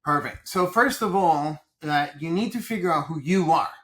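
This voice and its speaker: A man from Colombia, a business coach guest on a podcast interview, telling stories with animated energy and repeating his phrases. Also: on the high side, moderate pace.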